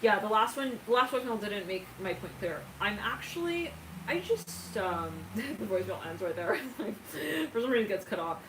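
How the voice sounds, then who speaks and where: A woman's voice: mid-range voice, very animated, normal speed. Chatty, giggly woman tarot reader. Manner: chatty and giggly, with frequent asides. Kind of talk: casual channeled tarot reading. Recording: roomy, distant mic with background noise.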